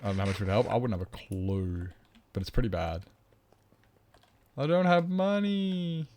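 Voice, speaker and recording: A man's voice: sits low, quick pace, warm tone. A man streaming a survival game, chatting casually, reading chat aloud and drifting into mock-grand asides.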